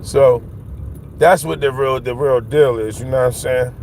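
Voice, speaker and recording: A man's voice: medium pitch, fairly even intonation, normal speed, a little mellow. A middle-aged man from Philadelphia rambling in a casual livestream monologue while walking home outdoors, talking into a phone and often asking if his listeners follow him. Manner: rambling, emphatic, keeps asking "you know what I'm saying". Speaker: livestream host. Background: faint traffic.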